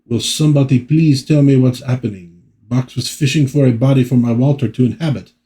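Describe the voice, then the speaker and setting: Man doing a distraught woman hero, pleading and high-pitched. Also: a little fast, mellow, lightly acted. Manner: pleading, anxious. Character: distraught woman hero fearing for her lover.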